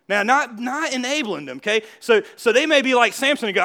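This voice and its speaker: A man preaches a sermon in a lively, conversational way, laughing along and pressing his points. His voice sits high for a man and rings with a bright, forceful edge. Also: quick pace, few pauses. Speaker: pastor.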